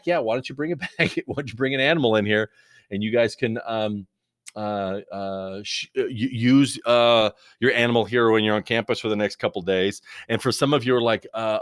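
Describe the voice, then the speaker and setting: A man's voice: lowish voice, a little fast, fairly bright tone, smooth, no room sound. A man teaching a recorded video lesson in a rambling, joking, conversational way into a close mic.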